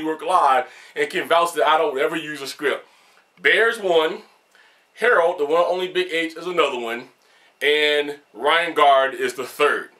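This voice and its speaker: A man's voice: fairly high pitch, bright, forceful tone. Emphatic man talking straight to camera. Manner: emphatic, direct, candid. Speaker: video game reviewer. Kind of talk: unscripted talk to camera.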